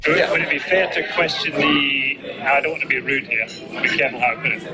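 A man's voice: mid-range voice, quick pace, background noise. A man asking questions in an interview, hesitant and carefully phrased. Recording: distant voice under loud music.

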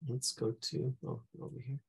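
Husky, gravelly man teaching drawing. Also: medium pitch, a little mellow. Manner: casual, hums and talks to himself while sketching. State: losing his voice, clearing his throat. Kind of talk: live online drawing class.

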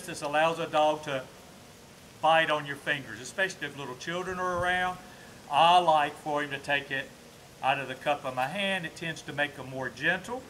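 A man's voice: on the high side, sharp tone, a little hiss or hum. A man with a Southern US accent, a dog trainer explaining his methods outdoors between short commands to a puppy. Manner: explains to camera while working a dog, switching to short commands.

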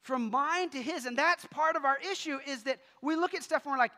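A man's voice: extremely high pitch, brisk, hardly any pauses, bright, forceful tone, in a large hall. A male pastor preaching a sermon in a church, talking conversationally with humorous asides. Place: church sanctuary.

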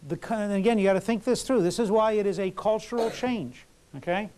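Male lecturer, fairly high voice, loose conversational delivery full of fillers. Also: brisk, darkish tone, slight background noise. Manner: conversational, many fillers and restarts. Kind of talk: college lecture.

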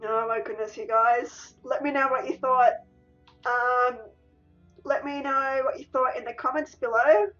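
Steady and unhurried, a high, slightly bright female voice delivers let's-play commentary over soft background music. She's an Australian gaming YouTuber, emotional and full of repeated exclamations, recorded on a distant, dull lo-fi mic.

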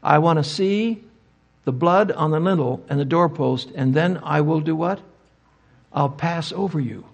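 A man's voice: fairly high pitch, measured pace, creaky. An older man speaking at a Bible conference, answering audience questions with emphatic rhetorical questions. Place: conference hall.

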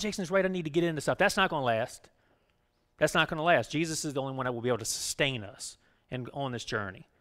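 Brief: male pastor, slightly high voice, chatty sermon that turns from loud urging to quiet. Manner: conversational, keeps asking "right?"; animated, swings between loud urging and quiet.

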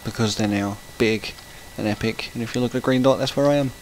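A chatty man talks his way through a gaming session at a middle pitch. He rambles through stories and breaks off now and then to react to what happens in the game. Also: quick pace, heavy background noise. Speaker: gaming channel host. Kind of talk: casual let's-play commentary.

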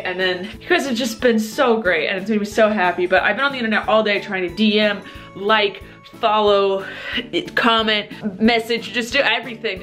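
A young woman in her twenties talking casually to a handheld camera at home, excitable and chatty. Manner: excitable and chatty, swings into high squeals when stressed. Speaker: vlogger. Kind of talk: casual vlog chat. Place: at home, indoors.

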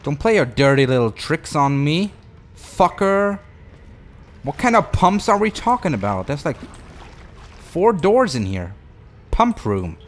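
A man commentating a horror game as he plays it, excitable and profane, talking to himself and to the game. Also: fairly high pitch, measured pace, pauses often. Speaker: gameplay commentator.

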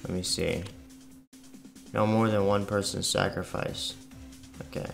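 A man's voice: low voice, steady tone, unhurried, gravelly. A man giving casual, offhand commentary while playing a mobile game. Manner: offhand, chatty. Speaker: gaming channel host. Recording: faint game music behind.

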